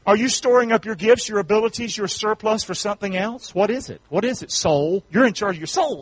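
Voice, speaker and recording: A pastor, preaching a sermon in call-and-response, building up to rapid repeated shouted questions. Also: male voice, high-pitched, lively intonation, slightly rough.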